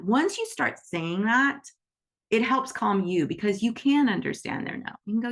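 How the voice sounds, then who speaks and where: A woman's voice: fairly high pitch, expressive, moderate pace. A woman teaching on a group call, chatty, acting out little quoted conversations and often asking "right?". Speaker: animal Reiki teacher.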